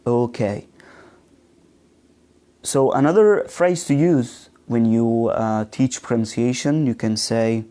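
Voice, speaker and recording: A man teaching a live online pronunciation class, speaking slowly and hesitantly with many fillers, modeling words and asking students questions. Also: mid-range voice, steady tone, warm tone.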